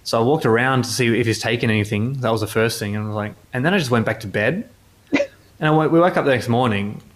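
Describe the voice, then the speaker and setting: A motorsport journalist being interviewed tells casual anecdotes, rambling with many restarts. His voice is medium-pitched, and he talks fast.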